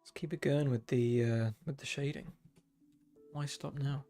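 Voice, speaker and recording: A man's voice: medium pitch, fairly even intonation, measured pace, mellow, faint music behind. A young man streaming, chatting casually while he draws, with dry self-deprecating humor. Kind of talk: casual chat while drawing.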